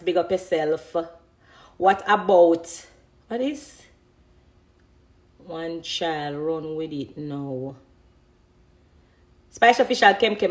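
A Jamaican woman in her thirties chatting casually on a phone live stream, reading out comments from viewers. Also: medium pitch. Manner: chatty, reads out comments, animated.

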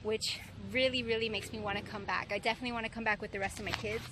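A woman's voice: a little high, very fast, noisy background. A woman vlogging outdoors on a farm, chatting casually to the camera and cooing in baby talk at the animals. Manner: coos and baby-talks to animals, excitable. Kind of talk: casual vlog chat.

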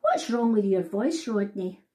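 A woman's voice: medium pitch, lively intonation, a little slow, mellow, close to an everyday voice. A woman reading a storybook voices an eager, cheerful little girl.

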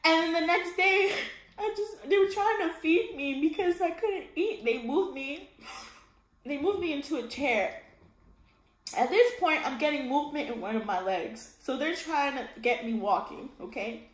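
A woman's voice: high-pitched, lively intonation, moderate pace. A young woman telling a painful personal story as a vlogger, tearful and breaking into crying laughs, swearing casually. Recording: echoey room.

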